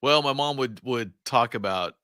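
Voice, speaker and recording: Brief: podcast co-host, man, bright tense tone, animated storytelling, dry close mic. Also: medium pitch, normal speed, clear, resonant tone, no echo. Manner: animated storyteller, acts out quotes. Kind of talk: casual podcast chat.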